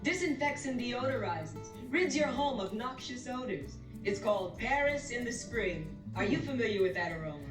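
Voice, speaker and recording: Actress as courteous door-to-door saleswoman, slightly high voice, music under it. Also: lively intonation, moderate pace, hardly any pauses, natural voice. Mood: polite pitch. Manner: polite sales pitch. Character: polite door-to-door saleswoman, chatty. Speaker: sitcom character in a played clip. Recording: distant echoey TV audio with music.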